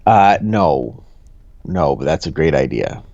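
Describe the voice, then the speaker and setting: A man's voice: very deep voice, very animated, takes it slowly, darkish tone, no echo. A man telling a rambling, jokey story in casual podcast chat, full of fillers and restarts. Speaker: podcast co-host. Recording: dull, dry lo-fi sound.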